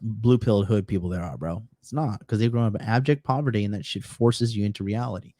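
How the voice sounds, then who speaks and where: A man's voice: fairly low pitch, fairly quick, dark tone, no echo. A man telling brash, profane, boastful stories in a casual podcast conversation. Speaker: podcast guest.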